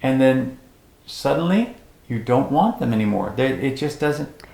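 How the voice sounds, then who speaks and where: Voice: medium pitch, lively intonation, moderate pace, gravelly, a little mellow. A co-host in a casual chat about diet, speaking in a reassuring, conversational but insistent way. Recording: roomy, echoey sound.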